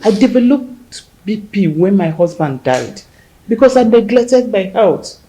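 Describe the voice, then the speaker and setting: An actress playing a widowed woman with a Nigerian accent who gently comforts a grieving friend. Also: lively intonation, unhurried, natural voice, poor audio. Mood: consoling. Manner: consoling, gentle and low. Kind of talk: Nollywood film acting.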